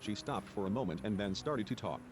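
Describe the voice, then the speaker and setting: A man's voice: fairly low pitch, a little fast, background noise. A man narrating a let's play, reading the game's story text aloud and voicing its characters lightly. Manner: reads dialogue in lightly shifted character voices. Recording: background game music. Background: game music.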